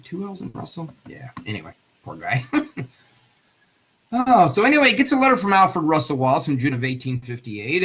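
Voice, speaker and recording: A man's voice: a little high, bright, forceful tone, husky. A man teaching a casual classroom lecture, chatty and digressive, acting out quotes in funny voices, on a dull lo-fi recording.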